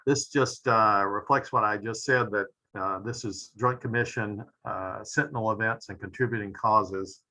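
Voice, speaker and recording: A middle-aged man, a pediatric intensivist, giving a measured medical lecture with frequent "uh" fillers and phrases that trail off quietly. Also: lowish voice, low-quality recording.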